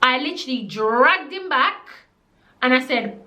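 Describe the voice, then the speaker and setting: Animated Jamaican-accented woman telling a story. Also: sits high, measured pace. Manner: animated, slips into patois. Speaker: vlogger. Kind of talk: casual storytime. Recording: echoey room.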